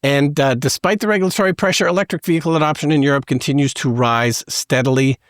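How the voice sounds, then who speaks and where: A Canadian man co-hosting a podcast, talking through news stories in a relaxed way with plenty of fillers. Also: a little high, quick pace, no room sound, clean studio sound. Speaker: podcast co-host. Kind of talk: casual news discussion.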